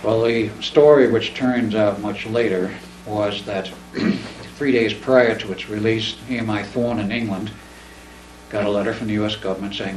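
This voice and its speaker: A fairly low-pitched man, moving at a moderate pace, rambles through a long story about himself in a casual living-room talk, animated and acting out what people said. Faint background noise, a roomy space, and a distant mic.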